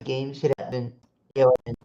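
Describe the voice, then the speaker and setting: A man's voice: medium pitch, little pitch movement, a little slow, warm tone. A man hosting a solo sports podcast stream, reading off team matchups with frequent fillers and restarts. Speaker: podcast host. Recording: dull lo-fi sound.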